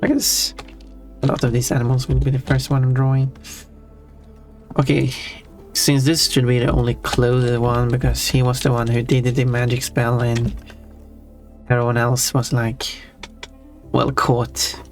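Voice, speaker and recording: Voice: medium pitch, little pitch movement, a little slow, pauses often, darkish tone, faint music behind. A streamer chatting casually while drawing, rambling, breaking off mid-thought and humming along playfully. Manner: rambling and self-interrupting; playful, hums to themself.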